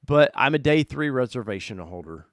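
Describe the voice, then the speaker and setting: A man hosting a casual live-stream car chat, talking loosely and excitably, jumping from loud bursts to mutters. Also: medium pitch, moderate pace, dry recording, studio quality. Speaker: host.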